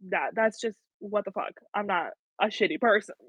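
A woman's voice: medium pitch, moderate pace, fairly bright tone, husky, dry recording. A young woman co-hosting a casual podcast chat, talking candidly with lots of "like" and the odd swear word. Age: young adult. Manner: candid, swears freely, full of "like". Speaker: podcast co-host. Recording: dry, dull lo-fi sound.

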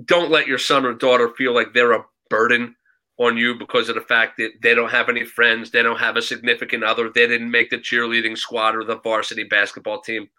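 Man, very bright voice, emphatic, repeats points, earnest advice. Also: mid-range voice, level tone, brisk, poor audio.

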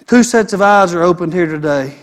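A man's voice: high voice, a little fast. A man preaching a sermon as a pastor, emphatic and repeating his phrases in building runs.

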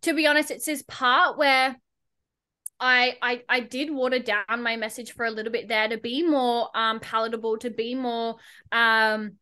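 A woman's voice: on the high side, fairly even intonation, moderate pace, bright, forceful tone. A young woman, a podcast guest and entrepreneur, talking casually in a blunt, sarcastic way and swearing freely.

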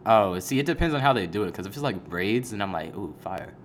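A young man co-hosting a podcast, teasing and bantering in a relaxed way. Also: fairly low pitch, fast, slight background noise. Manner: teasing, animated, laughs often. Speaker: podcast co-host. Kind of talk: casual chat.

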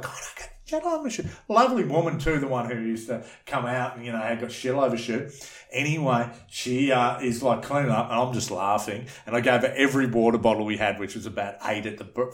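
A man telling crude nightclub stories in a casual podcast chat, swearing and acting out the people he quotes. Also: mid-range voice. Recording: echoey room.

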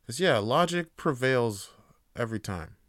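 A man hosting a podcast, talking casually and profanely, swinging from heated rants to quiet musing. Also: medium pitch, animated, measured pace, no echo, studio quality. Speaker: podcast host. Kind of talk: casual monologue.

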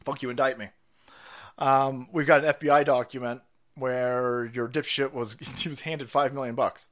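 A man hosting a livestream, reacting to clips with profane, excitable political commentary. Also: medium pitch, normal speed. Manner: profane, excitable, laughs and shouts over clips. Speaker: livestream host. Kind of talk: casual political commentary stream.

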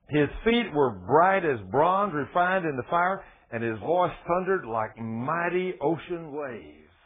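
A man preaching a folksy, animated sermon on the radio, swinging from soft, low passages to excited outbursts. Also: takes it slowly, hardly any pauses, husky. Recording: tinny phone-like radio sound.

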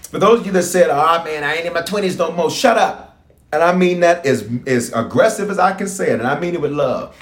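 A man preaching a fiery livestream prayer sermon as pastor, with emphatic, repetitive exhortation. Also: medium pitch. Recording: roomy echo.

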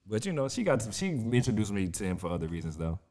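A young man, a podcast co-host, telling a story in casual chat, animated and profane, acting out what other people said. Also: on the low side, quick pace, a little hiss or hum. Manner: animated, profane storyteller who acts out quoted voices.

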